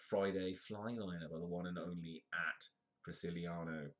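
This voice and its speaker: A man's voice: low-pitched, darkish tone. A man hosting a live comedic news show, reading articles aloud and breaking off into rambling, self-correcting asides.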